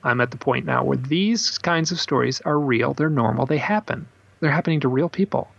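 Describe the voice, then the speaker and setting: A man's voice: a little fast, gravelly, no room sound, dull audio. A man being interviewed as an author, telling stories at length and acting out what people said. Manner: animated storyteller, acts out quotes with bursts of high pitch. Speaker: author and guest. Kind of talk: storytelling in a podcast interview.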